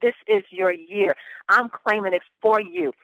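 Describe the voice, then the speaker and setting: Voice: medium pitch, a little slow, no echo, narrow, tinny audio. A pastor hosting a motivational business conference call, gushing and effusive, repeating phrases for emphasis. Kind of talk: hyped-up motivational call host.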